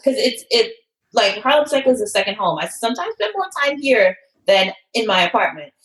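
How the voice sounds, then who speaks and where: A woman who owns a fitness studio, telling her story in an interview with emotion and lively quoted voices. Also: fairly high pitch, fairly quick, reverberant, poor audio. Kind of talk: interview conversation.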